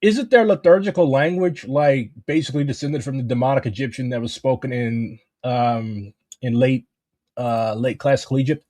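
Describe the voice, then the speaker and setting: A man's voice: medium pitch, moderate pace, darkish tone, dry recording. A man chatting casually on a live stream, rambling and swearing as he jumps between topics.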